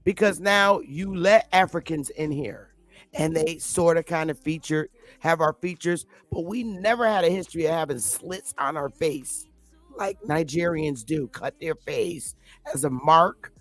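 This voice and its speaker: Low-voiced and unhurried, a female commentary vlogger goes off in an unscripted opinion monologue with faint music behind her. Defiant and combative, she speaks bluntly, curses heavily, and repeats her points to drive them home.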